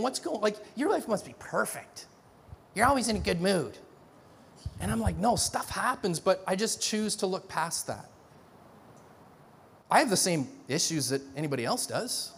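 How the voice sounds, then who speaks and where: A middle-aged man preaches in a loose, conversational way, restarting phrases and acting out little scenes. His voice sits high for a man. The sound rings with the long reverb of a large church hall. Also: vocal fry, breathy edge. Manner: animated, conversational, many restarts, acts out dialogue. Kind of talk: sermon.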